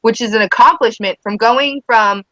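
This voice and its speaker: A mother of schoolchildren with a voice on the high side chats casually on a podcast at a moderate pace, acting out quotes as she tells animated stories. The low-quality recording has no room sound.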